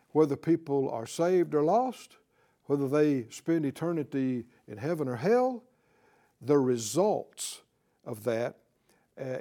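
Slow, earnest male Bible teacher. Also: fairly high pitch, mellow. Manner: earnest, deliberate, rhetorical questions. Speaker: preacher.

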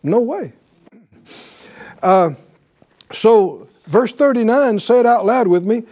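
Here a man with a warm, high, expressive voice preaches slowly, pausing often. His sermon is emphatic; he asks "right?" to draw responses and reads passages of scripture, shifting into voiced quotations.

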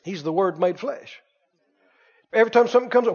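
High-pitched preacher guy, punchy and repetitive, muffled recording with long church reverb. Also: brisk, breathy edge. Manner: emphatic, repeating phrases, swinging from loud to quiet. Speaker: pastor. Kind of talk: sermon. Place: church sanctuary.

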